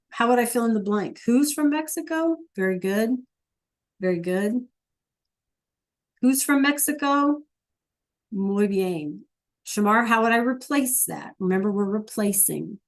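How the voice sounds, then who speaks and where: A woman teaching a Spanish class, asking her students questions patiently and repeating prompts. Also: on the high side.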